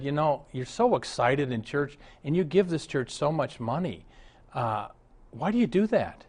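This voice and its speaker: Man, pastor, sermon, animated storytelling, humorous anecdotes, mid pitch.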